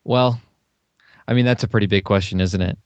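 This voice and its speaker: Lower-voiced man explaining with analogies. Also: fairly even intonation, fairly quick, dry recording, highs cut off. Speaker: podcast guest. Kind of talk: casual interview chat.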